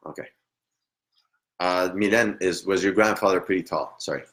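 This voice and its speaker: A man's voice: deep voice, fairly even intonation, moderate pace, a bit bright. A man working as a psychic medium during a live online reading, hesitant and apologetic, laughing often and trailing off into murmurs. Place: at home at a computer.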